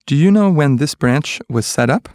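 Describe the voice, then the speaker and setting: A man reading short English practice sentences one by one, clearly and evenly. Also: on the high side, dry recording, clean studio sound. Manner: clear, even, measured delivery of single sentences.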